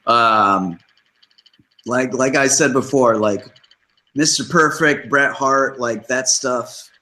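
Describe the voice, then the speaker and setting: A man's voice: mid-range voice, takes it slowly, pushed and bright, poor audio. A man co-hosting a casual wrestling podcast, talking with many hesitations and fillers. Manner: hesitant, lots of "like" and "um". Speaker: podcast co-host.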